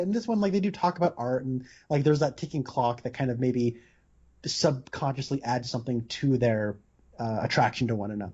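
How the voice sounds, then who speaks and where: Warm in tone, with a mid-range voice and a slightly quick pace, a man hosts a podcast of casual film discussion. He rambles, often using fillers and restarting his sentences, on dull lo-fi audio.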